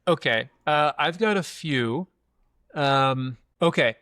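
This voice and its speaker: Easygoing male co-host, fairly high voice, unhurried, dry close sound. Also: animated, bright, forceful tone, dry recording. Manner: easygoing, short reactions, laughs often. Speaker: podcast co-host. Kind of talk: casual film podcast chat.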